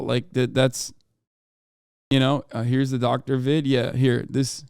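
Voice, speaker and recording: A man's voice: mid-range voice, measured pace, darkish tone, smooth, no room sound, clean studio sound. A man streaming and reacting to the news, in casual political commentary that rambles, full of swearing and sarcasm.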